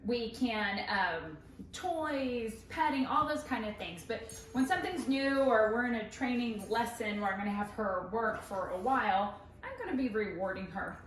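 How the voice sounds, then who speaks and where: A woman dog trainer explaining and demonstrating in a chatty, upbeat way. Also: normal speed. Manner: chatty, upbeat, switches to high praise voice with the dog. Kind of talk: instructional dog training demo. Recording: roomy echo, voice from a distance, faint music.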